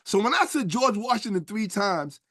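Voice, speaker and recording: A man's voice: high voice, big pitch swings, normal speed, a bit bright, dry recording, studio quality. A man lecturing in a casual stream, emphatic and profane, firing rhetorical questions at his listeners. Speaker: streamer and history commentator.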